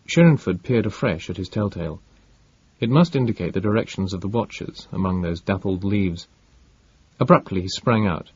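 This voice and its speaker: A man reading an audiobook in a measured, dramatic narration. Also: lowish voice, a little mellow, breathy edge, dull audio.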